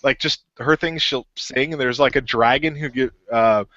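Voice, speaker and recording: A man's voice: medium pitch, moderate pace, sharp tone, no echo, muffled recording. A man co-hosting a podcast in casual chat, rambling with lots of fillers. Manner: rambling, filler-heavy, full of "like". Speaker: podcast co-host.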